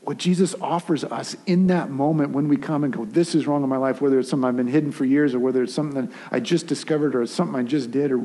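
Male pastor, casual animated sermon delivery, mellow and slightly husky, long reverb of a hall. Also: mid-range voice, rapid-fire, hardly any pauses. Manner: animated, conversational preaching with restarts and acted asides.

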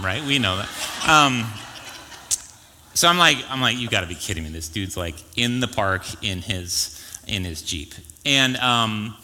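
A man's voice: on the low side, pushed and bright. A man in his thirties, a pastor giving a casual, joking sermon full of stories and asides. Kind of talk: conversational sermon storytelling. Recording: reverberant church hall.

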